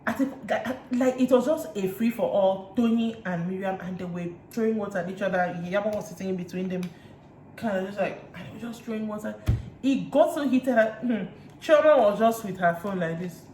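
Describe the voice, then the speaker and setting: A Nigerian woman recapping reality TV in a chatty way, retelling scenes with lively asides. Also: mid-range voice, normal speed. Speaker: reality TV reviewer. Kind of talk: casual recap chat. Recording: roomy room echo, faint hiss.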